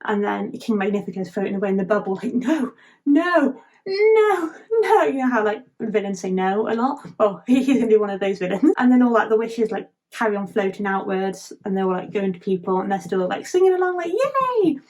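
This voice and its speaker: A woman's voice: mid-range voice, fairly even intonation, fast talker, few pauses, a little mellow. A woman vlogger chatting casually as she retells a film plot, giggling and leaning on the filler "like".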